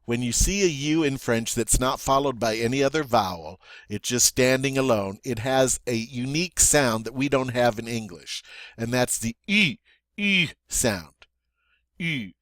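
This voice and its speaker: A man's voice: mid-range voice, moderate pace, no room sound, clean studio sound. A man teaching a French pronunciation lesson, patiently repeating words and checking in with "all right?".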